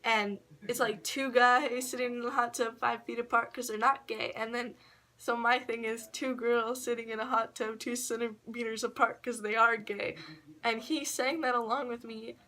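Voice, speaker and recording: Woman vlogger at home, high bright voice, chatty slangy storytelling with frequent swearing and laughter. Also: steady tone, moderate pace. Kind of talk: casual storytelling.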